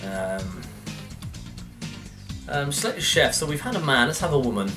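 A man playing a motion-control cooking game, out of breath, swearing and shouting at the controls as he commentates. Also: mid-range voice, sing-song, normal speed. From United Kingdom. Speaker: gaming YouTuber. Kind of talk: let's play commentary. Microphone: facecam with desk mic. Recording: game music playing behind the voice. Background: game music.

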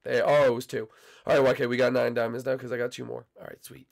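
A young man casually commenting on his gameplay, bantering and teasing his teammates, his voice still a little hoarse as it recovers. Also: medium pitch, little pitch movement, fast. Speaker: gaming channel host.

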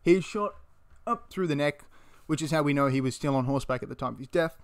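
A man with a fairly high, clean-toned voice speaks fast as he casually tells a battle story on his history channel. Animated throughout, he swears and voices the quotes in character.

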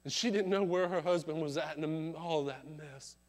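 A man preaching at a church revival service, telling a story dramatically, swelling loud and then dropping to a hush. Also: fairly high pitch, normal speed. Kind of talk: sermon storytelling.

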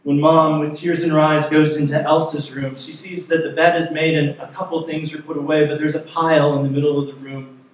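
A man preaching a sermon as pastor, telling a story in a conversational, lively way. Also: on the high side, a little fast. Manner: storytelling, animated in places, conversational. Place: church sanctuary. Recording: echoey sanctuary, mic far off.

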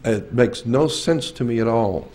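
A man's voice: mid-range voice, a little slow, a little mellow. Earnest man in his sixties lecturing. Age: 60s. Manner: earnest, emphatic storytelling with repeated phrases. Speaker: symposium speaker. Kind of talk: lecture with personal stories.

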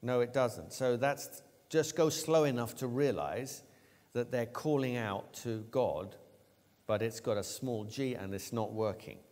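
A man preaching a sermon, retelling a story with lively, acted-out voices for the characters. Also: mid-range voice, unhurried. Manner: animated storytelling, acting out quoted lines. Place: church. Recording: long church reverb.

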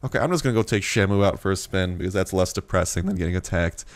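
A young man giving casual let's-play commentary, rambling and excitable, swearing freely and yelping when startled. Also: deep voice, fast talker, dry recording. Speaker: gaming YouTuber.

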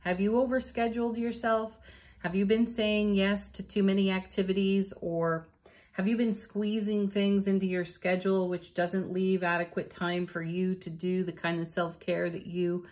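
A woman giving a spiritual tarot and oracle card reading, gentle and encouraging, laughing softly between cards. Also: medium pitch, flat delivery, normal speed.

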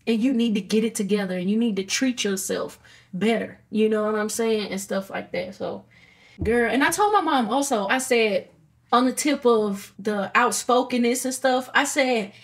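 Outspoken Southern woman, high voice. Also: moderate pace, a bit bright. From Alabama, US. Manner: outspoken, emphatic, swears freely. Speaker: podcast guest. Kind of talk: casual conversation.

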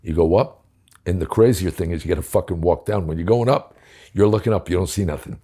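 Blunt low-voiced man. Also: fairly quick, warm tone, breathy edge. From United States. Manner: blunt, profane, acts out dialogue. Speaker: guest, former police commissioner. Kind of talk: storytelling in a long-form interview.

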